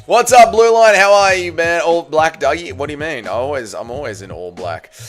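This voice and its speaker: A hoarse man with an Australian accent hosting a casual livestream, reading viewer comments with loud, playful banter. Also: fairly high pitch, lively intonation, fairly quick, soft background music. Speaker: livestream host.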